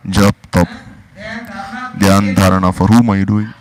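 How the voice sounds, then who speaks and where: A man's voice: low-pitched, little pitch movement, a little slow, a little mellow, low-quality recording. A man giving a devotional discourse, pressing his listeners with repeated rhetorical questions. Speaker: spiritual teacher.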